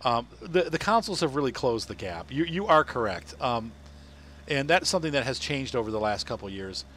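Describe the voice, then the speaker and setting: A man's voice: medium pitch, expressive, a little fast, a bit bright, slight background noise. Chatty man from Ohio streaming a game. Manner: laughs often, rambling and chatty while playing. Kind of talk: casual live-stream chat. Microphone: headset.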